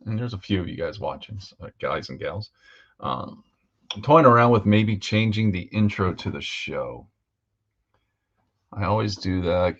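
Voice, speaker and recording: A man hosts a live model-painting stream, chatting in a loose, rambling way with plenty of fillers. His voice is low and deep. The audio is dull and lo-fi. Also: lively intonation, unhurried, pauses often, fairly bright tone. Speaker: host of a live hobby painting show. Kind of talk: casual livestream chat while painting models.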